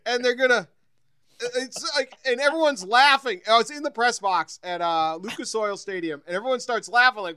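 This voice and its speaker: A man co-hosting a sports podcast, telling lively stories in casual chat and laughing often. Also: extremely high pitch, normal speed, clean tone, no room sound, studio quality. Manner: animated storyteller, laughs often.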